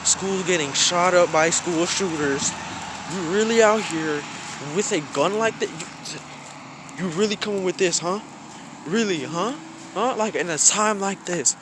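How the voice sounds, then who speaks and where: A young man voicing a disappointed male school security guard lecturing slowly and in disbelief. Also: high-pitched, background noise, voice pushed up. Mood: incredulous.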